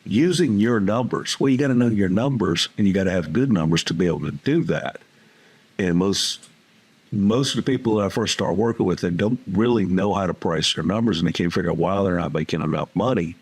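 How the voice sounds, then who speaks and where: A man's voice: sits low, fairly quick, darkish tone, husky. A man who works as a business coach, talking in a plainspoken, folksy way and telling stories from his coaching calls. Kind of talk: casual interview talk.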